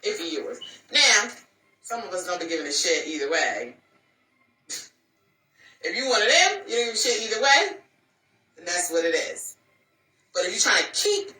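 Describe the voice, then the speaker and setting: With a lowish, sharp-toned voice, a woman advises other women on relationships in a casual, sassy talk, hammering points home by repeating lines. The mic is distant and the room echoes.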